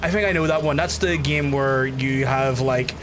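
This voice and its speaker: A man's voice: mid-range voice, normal speed, noisy background. A man streaming a video game, rambling and swearing in chatty asides to his viewers, close to his microphone. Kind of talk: casual gameplay livestream commentary. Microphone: close to the mouth.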